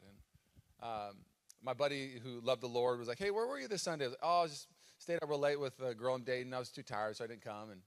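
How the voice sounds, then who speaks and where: An American man in his thirties, a pastor giving a sermon live in a church, telling stories and acting out his own cries. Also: medium pitch. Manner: animated storytelling with dramatic acted-out cries. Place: church auditorium. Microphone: live stage microphone.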